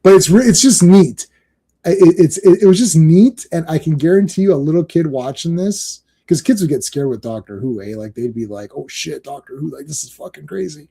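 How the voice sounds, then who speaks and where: A male stream host chatting casually, rambling along with frequent laughs and loose swearing. His voice sits fairly high for a man but sounds dark and mellow in tone. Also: lively intonation, a little fast, slightly rough. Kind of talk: casual chat on a live stream.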